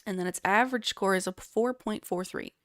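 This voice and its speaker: A woman co-hosting a casual podcast, talking loosely with lots of filler words. Her voice sits in a middle pitch. The sound is dry and close, with no room echo. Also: fairly quick. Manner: chatty, reads beer details aloud with filler words. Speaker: podcast co-host. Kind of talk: casual chat.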